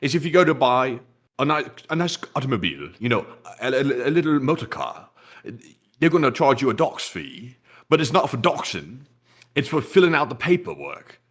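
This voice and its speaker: A man's voice: mid-range voice, very animated, normal speed, fairly bright tone. A man voicing a male marmot in a faltering mock British manner, stammering and calling the listener "Governor". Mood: chummy.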